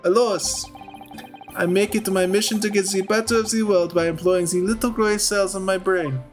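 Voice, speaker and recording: A man's voice: high-pitched, fairly even intonation, moderate pace, soft background music, pitched above the performer's own voice, lightly acted. A man doing a pompous French nobleman. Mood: grandiose. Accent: put-on French. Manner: grandiose, theatrical.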